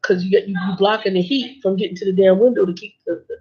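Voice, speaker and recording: A woman's voice: mid-range voice, fast talker, husky. A woman truck driver telling stories in a casual vlog, blunt and sarcastic. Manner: sarcastic, blunt, animated storytelling. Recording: dull lo-fi recording.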